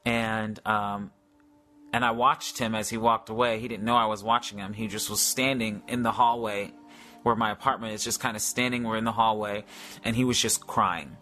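A man's voice: on the low side, fairly even intonation, normal speed, bright, forceful tone, soft background music. A man telling a faith story in a casual, rambling way, full of fillers and restarts. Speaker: Christian speaker.

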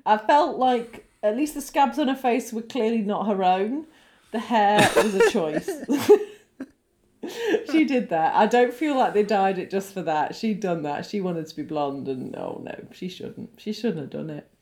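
Animated woman co-host, lively rises and falls, chatty and blunt. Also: mid-range voice, unhurried, background noise. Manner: animated, swearing, laughs often. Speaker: podcast co-host. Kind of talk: casual chat.

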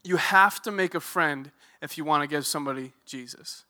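A young man preaching a sermon in a church, telling stories in a lively, conversational way with joking asides. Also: a little high, normal speed. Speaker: youth ministry director. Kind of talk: sermon with storytelling. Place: church sanctuary.

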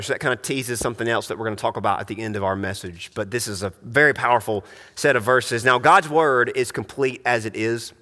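A man's voice: mid-range voice, a little fast, sharp tone, big-room sound. A man preaching a sermon in an earnest, emphatic way, often restarting his sentences. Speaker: pastor.

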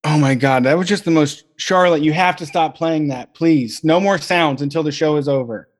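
High-voiced man ranting, profane. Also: normal speed. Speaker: podcast co-host. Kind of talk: casual chat.

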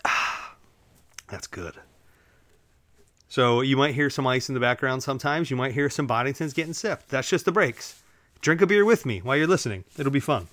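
A man's voice: medium pitch, animated, fairly quick, fairly bright tone, no echo. A man hosting his own solo podcast at home, chatting casually in a rambling way with lots of fillers and jokey asides to his listeners. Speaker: podcast host. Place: at home, relaxed, drinking while recording.

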